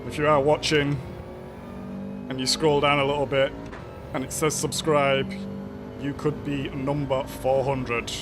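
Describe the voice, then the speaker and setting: A man's voice: mid-range voice, little pitch movement, measured pace, long pauses, over music. A man casually commenting on a racing game live stream, chatting with viewers and greeting them by name.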